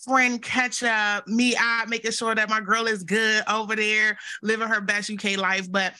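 A woman's voice: medium pitch, level tone, normal speed, bright, forceful tone. A woman co-hosting a podcast in casual chat, hyped and talking straight to her listeners. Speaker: podcast co-host.

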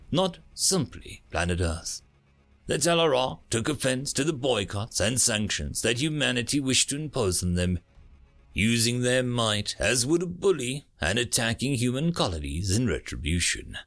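A man narrating a science fiction short story as an audiobook reader, reading expressively. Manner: expressive reading with lively pitch.

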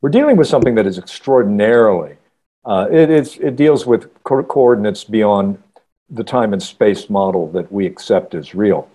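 A man, an author guest on a podcast, telling a story in a halting, earnest way with many restarts. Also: lowish voice, animated, dark tone, breathy edge. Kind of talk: casual podcast interview storytelling.

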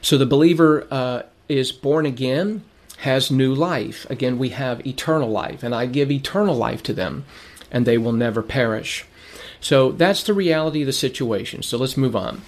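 A man preaching a sermon, earnest and emphatic. He repeats phrases for stress and asks questions that he answers himself. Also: moderate pace. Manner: earnest, repeats phrases for emphasis, rises in pitch when urging.

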